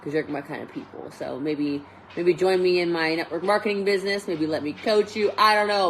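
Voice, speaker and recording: A low-pitched woman chats loosely on a livestream, trailing into fillers and restarts as she pitches her coaching. A faint hiss sits under her voice. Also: a little fast, few pauses, poor audio. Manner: chatty, rambling, many fillers. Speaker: network marketing coach. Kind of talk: casual livestream chat.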